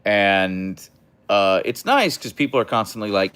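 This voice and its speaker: A man's voice: lowish voice, animated, measured pace, fairly bright tone, clean tone. A young man hosting a casual livestream, reading chat aloud and answering in a rambling, hesitant way with many fillers and restarts.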